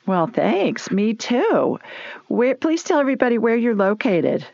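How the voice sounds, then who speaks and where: A woman's voice: a little high, sing-song, unhurried, vocal fry, darkish tone, no echo. Chatty Southern radio host woman. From Alabama. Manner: upbeat, chatty, laughs often. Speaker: radio show host and psychic medium. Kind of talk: call-in radio chat. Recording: dull, lo-fi broadcast audio.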